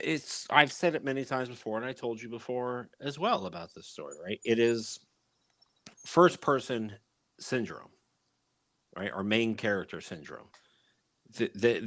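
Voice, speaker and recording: A man's voice: medium pitch, fairly bright tone, no echo. A man co-hosting a casual podcast chat, dropping dry jokes and asides. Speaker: podcast co-host.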